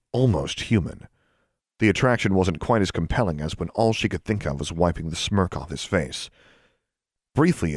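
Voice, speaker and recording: Deep guy reading an audiobook, lively intonation, dry close sound. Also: dry recording. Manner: expressive storytelling. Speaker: audiobook narrator. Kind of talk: scripted narration.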